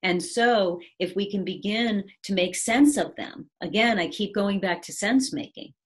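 Over a video call, a woman with a mid-range, slightly rough voice speaks a little slowly about resilience and change. She is reflective and often checks in with the listener by asking "right?".

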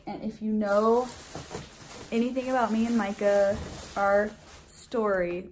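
A woman's voice: medium pitch, slight background noise, rough recording. A woman vlogging casually at home, chatty and gushing. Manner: chatty, gushing, baby-talks to her dog. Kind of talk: casual vlog chat.

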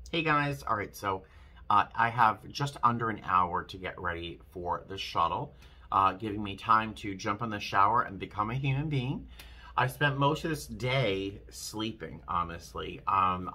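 Rambling emotional man with bright tone. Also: on the low side. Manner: rambling, emotional, self-deprecating. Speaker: flight attendant vlogger. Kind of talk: casual vlog talk to camera.

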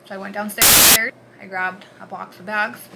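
A woman vlogger recounting a personal story in an earnest, halting way, dropping to a hush and then pushing hard. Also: mid-range voice, little pitch movement, creaky, very noisy. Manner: earnest, halting, swings between hushed and forceful.

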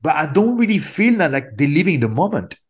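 A man with a French accent, an actor, talking through an interview in an animated, rambling way and repeating words as he goes. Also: fairly high pitch, a little fast. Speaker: actor guest. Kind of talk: casual interview chat.

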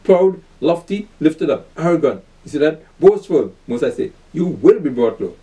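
This preacher teaching scripture has a warm, fairly high voice with big pitch swings and a normal speed. He reads verses aloud, comments on them emphatically, asks listeners questions to answer, and often says "you see that." The mic is distant and the audio poor.

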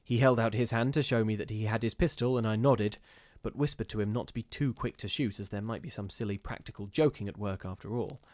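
A man reading a gothic ghost story aloud in a measured, steady storytelling manner with occasional brief restarts. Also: on the low side, dry recording. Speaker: reader of ghost stories.

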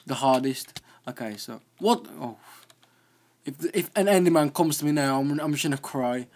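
A young man narrating his own video game run in casual commentary, excitable and quick to exclaim. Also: medium pitch, slight background noise. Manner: excitable, easily startled, exclaims often. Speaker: gaming video host.

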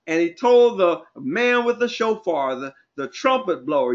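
A man preaching an online sermon as pastor, fervent and rising to loud cries. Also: high voice, sing-song, unhurried, muffled recording.

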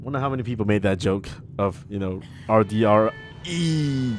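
A man's voice: fairly low pitch, animated, normal speed, a little hiss or hum. A man hosting a video game playthrough, chatting sarcastically and reacting aloud as he plays. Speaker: gaming channel host. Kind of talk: let's play commentary.

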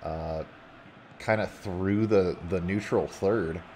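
Man, play-by-play commentary, lowish voice, relaxed, faint background hiss. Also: takes it slowly. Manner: casual, rising excitedly on goals. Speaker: match commentator.

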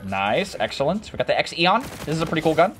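A man giving joking, excitable commentary over a shooter game, breaking into sudden shouts. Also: on the high side, quick pace, a little hiss or hum. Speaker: gaming video creator. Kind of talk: gameplay commentary.

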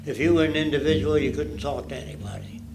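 A man's voice: a little high, fairly even intonation, quick pace, over music, low-quality recording. A man in his nineties giving a public lecture in a blunt, provocative way. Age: 90s.

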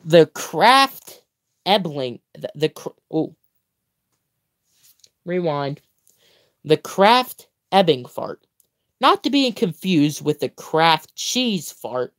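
Slow, playful young man reading aloud. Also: on the high side, sing-song, a bit bright. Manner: playful, theatrical reading with mock-grand exclamations; drawn-out words, self-corrections and stumbles. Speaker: livestream host. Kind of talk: reading a comic book aloud with chatty asides.

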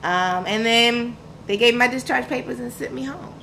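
A woman's voice: fairly high pitch, normal speed, gravelly, sharp tone, a little hiss or hum, rough recording. A woman, telling her own story as a podcast guest in a frank, emphatic, slangy way. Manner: frank and emphatic, slangy, vivid retelling with quoted dialogue. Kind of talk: candid personal storytelling.

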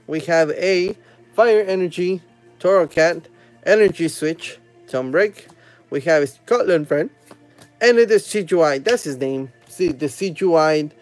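A man hosting a live stream, opening trading card packs with excited casual commentary, humming while he opens them and chatting with viewers. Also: a little high. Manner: chats with viewers and reads their comments aloud.

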